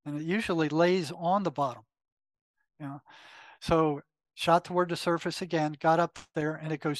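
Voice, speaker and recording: A man's voice: a little high, moderate pace, no echo. An older man, a retired psychotherapist, telling a personal story as an interview guest, acting out the lines of an inner voice with many fillers and restarts. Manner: animated retelling with quoted inner dialogue, frequent fillers. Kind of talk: conversational storytelling.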